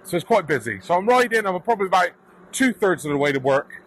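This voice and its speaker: High-voiced British man telling a story on a bike ride. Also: quick pace, slight background noise, poor audio. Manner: animated, swears casually, acts out the quotes. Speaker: electric bike vlogger. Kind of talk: casual storytelling while riding. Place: outdoors on a bike path.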